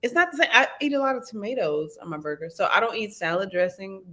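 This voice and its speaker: Woman, mid pitch, matter-of-fact, casual podcast chat. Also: big pitch swings, quick pace, bright, forceful tone. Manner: matter-of-fact, listing details. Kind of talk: casual banter.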